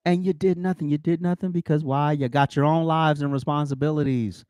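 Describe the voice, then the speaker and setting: A man's voice: fairly high pitch, steady tone, fairly quick, hardly any pauses, a little mellow, smooth, dry recording, clean studio sound. Blunt profane man ranting. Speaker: host. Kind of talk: angry commentary on news clips.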